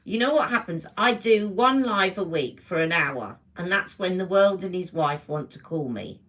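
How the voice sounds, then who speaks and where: A woman's voice: fairly low pitch, expressive, moderate pace, a bit bright. Chatty woman greeting livestream viewers. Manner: chatty, greets viewers by name mid-sentence. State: emotional, close to tears. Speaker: beauty livestream host. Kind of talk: casual livestream chat with viewers.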